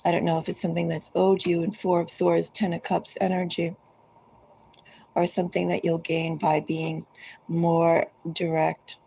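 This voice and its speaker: A woman tarot reader talks straight to each zodiac sign, unhurried and musing. Her voice is low and mellow, with a gravelly edge and a husky grain. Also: little pitch movement, low-quality recording. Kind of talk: collective tarot reading.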